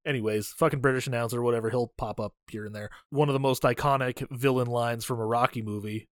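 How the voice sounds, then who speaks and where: A man's voice: medium pitch, fairly even intonation, fast talker, dry recording, studio quality. A man in his thirties co-hosting a casual movie podcast, ranting and swearing freely. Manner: profane, ranting, opinionated. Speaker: podcast co-host.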